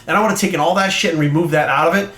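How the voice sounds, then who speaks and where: A man's voice: on the high side, very fast, fairly bright tone. Blunt swearing man ranting, roomy echo. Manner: blunt, heated, heavy swearing, repetitive emphasis. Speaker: fitness trainer and channel host. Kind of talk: profane opinion rant to camera.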